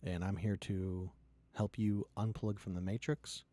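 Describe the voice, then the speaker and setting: A startup founder ranting and pitching with heavy swearing, swinging from loud outbursts to low, quiet lines. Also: male voice, little pitch movement, unhurried. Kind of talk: impassioned profane rant and pitch.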